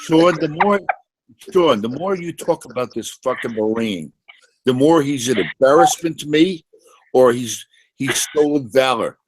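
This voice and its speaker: A man's voice: mid-range voice, expressive, unhurried, poor audio. A man in casual chat speaking bluntly and skeptically, with frequent swearing. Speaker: chat participant.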